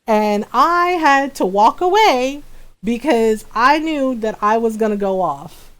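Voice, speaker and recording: Young woman streamer with a higher voice, casually telling a story to her chat, animated and indignant, breaking into laughs. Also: slow.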